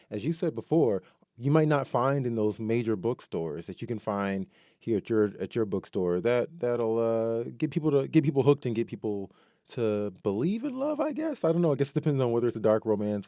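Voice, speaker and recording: A man's voice: medium pitch, dark tone, no echo, studio quality. A man hosting a radio interview, asking chatty, rambling questions. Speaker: radio host.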